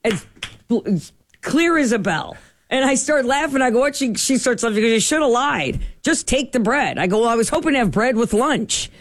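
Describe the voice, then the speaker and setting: A middle-aged woman host in casual chat, telling stories in an animated way and acting out what people said. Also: on the high side, normal speed, no echo, clean studio sound. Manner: animated, acts out quoted dialogue.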